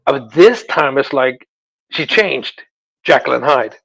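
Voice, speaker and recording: A man's voice: medium pitch, expressive, slow, vocal fry, fairly bright tone, rough recording. A man as a psychic medium guest, telling a personal story in an interview, emotional, with many restarts.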